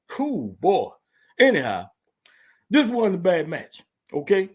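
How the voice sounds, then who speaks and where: A man's voice: sits high, huge pitch swings, slow pace, breathy edge. A man hosting a weekly wrestling recap, telling it in loose, slangy storytelling with swearing and laughs. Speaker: host.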